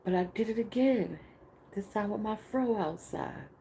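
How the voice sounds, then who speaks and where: A woman's voice: medium pitch, moderate pace, warm tone, slight background noise, rough recording. A woman hosting a podcast, speaking candidly in a casual spiritual monologue, laughing often and swearing freely. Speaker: podcast host.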